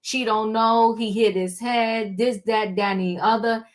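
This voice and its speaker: A woman's voice: on the high side, fairly even intonation, measured pace. A woman hosting a live stream, commenting bluntly and reading news aloud. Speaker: host.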